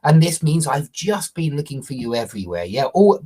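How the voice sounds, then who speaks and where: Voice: mid-range voice, big pitch swings, normal speed, dark tone, slightly rough. An English grammar teacher explaining a tense step by step, stressing key points and often checking in with "okay?" or "yeah?".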